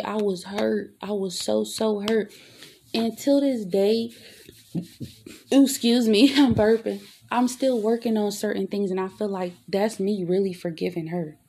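A woman with a middle-pitched voice talks straight to her listeners in a loose, heartfelt monologue. She swears freely and circles back on her own words, checking in again and again with "you feel me?" Her delivery is emphatic and confiding. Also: mellow, husky. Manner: emphatic, profane, keeps asking "you feel me?"; rambling, restarts and repeats herself. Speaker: vlogger. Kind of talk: casual confessional monologue.

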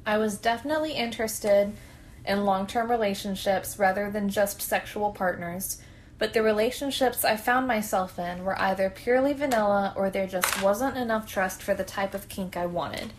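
Female podcast host, mid pitch, reads listener stories aloud in a frank, chatty way. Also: moderate pace, slight background noise. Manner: candid, conversational reading with bursts of laughter. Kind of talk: reading a submitted story aloud.

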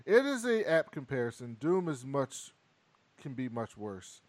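A man's voice: medium pitch, very animated, unhurried, no echo. A young man hosting a casual podcast chat, blunt and argumentative. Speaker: podcast host.

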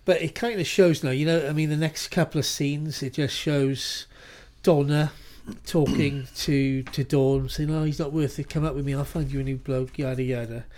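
A man's voice: on the high side, steady tone, a little mellow. A man co-hosting a podcast, chatting and laughing as he teases his friend about a TV clip. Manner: laughing, bantering, quick to tease. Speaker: podcast co-host. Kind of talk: casual chat reacting to a TV clip.

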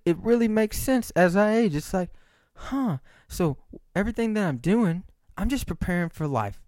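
A man's voice: fairly high pitch, a little mellow, no echo, clean studio sound. A man talking to camera in a rambling, profane monologue, checking in with frequent "right?" asides. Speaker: vlogger.

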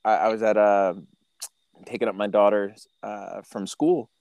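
A man in his thirties hosting a podcast, telling stories in a casual, animated way, swearing and acting out what people said. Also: lowish voice, measured pace, creaky, no room sound. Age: 30s. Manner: animated storyteller, swears, acts out quotes. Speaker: podcast host. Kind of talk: casual chat.

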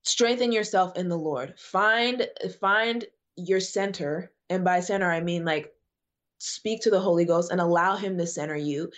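A woman's voice: fairly low pitch, measured pace, dull audio. A woman speaking as a guest evangelist, preaching in an emphatic way that repeats phrases for emphasis. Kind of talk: preaching in a podcast conversation.

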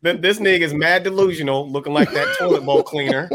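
A man's voice: a little high, fairly quick, a bit bright. A man co-hosting a casual chat, trading laughing, mocking banter. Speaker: podcast co-host.

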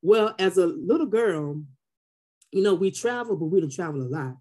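A woman's voice: on the low side, moderate pace. A woman, telling stories as a podcast guest and acting out the people she quotes. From Texas Gulf Coast. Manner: animated storyteller who acts out quotes. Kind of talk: casual podcast interview.

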